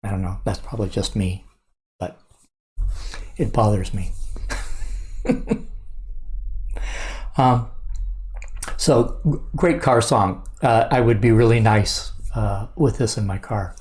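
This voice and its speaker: An older man hosting a music reaction video, talking casually and hesitantly with many pauses and fillers. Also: lowish voice, a little mellow.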